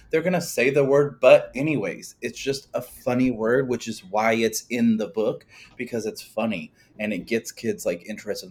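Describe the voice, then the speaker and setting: A man's voice: fairly low pitch, a little mellow. A man hosting a podcast from home. He is a former teacher and chats enthusiastically, agreeing often. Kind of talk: casual conversation. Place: at home with dogs nearby.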